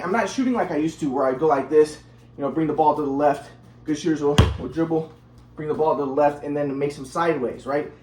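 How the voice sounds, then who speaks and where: A man's voice: sits high, roomy sound. A man telling a personal story in a casual, rambling monologue, repeating himself while demonstrating moves.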